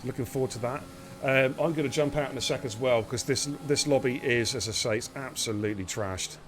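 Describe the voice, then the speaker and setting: A man casually hosting a live online racing stream, relaxed and jokey as he talks to viewers. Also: medium pitch, brisk, slight background noise. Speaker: esports race league host.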